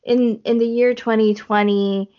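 A woman's voice: fairly high pitch, little pitch movement, unhurried, highs cut off. A woman co-hosting a podcast in casual chat, chatty, often trailing off and restarting. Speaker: podcast co-host.

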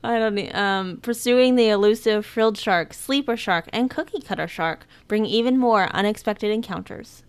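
A woman's voice: mid-range voice, moderate pace, hardly any pauses, clean tone, dry recording. A woman reading show blurbs aloud in casual chat, with playful joking asides.

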